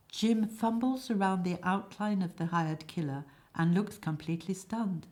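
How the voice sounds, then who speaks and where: A woman reading a comic stage play aloud, giving the stage directions in a low, flat aside. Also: moderate pace, few pauses. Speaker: play reader.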